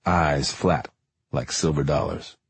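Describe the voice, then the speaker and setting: A man giving measured, deliberate first-person audiobook narration in a dry storytelling manner. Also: very deep voice, husky.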